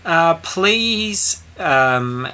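A young man co-hosting a casual podcast, animated and swearing as he acts out reactions. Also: fairly high pitch, drawn-out words. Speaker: podcast co-host.

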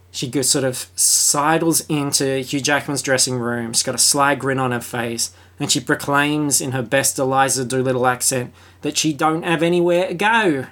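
An Australian podcast host giving a solo film review, sarcastic and fond of swearing, with mock-excited asides. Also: medium pitch.

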